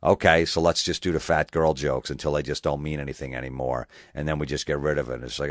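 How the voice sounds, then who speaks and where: A man's voice: very deep voice, fairly even intonation, quick pace, hardly any pauses, dry recording, clean studio sound. A man hosting a podcast, ranting in a profane, sarcastic way and mocking people in put-on voices. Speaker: podcast host. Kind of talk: comedic rant.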